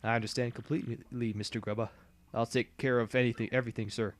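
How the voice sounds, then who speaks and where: A man voicing a prim female arena manager in a quiet, stiff, businesslike tone, reading game dialogue. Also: mid-range voice, little pitch movement, quick pace, natural voice. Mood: formal.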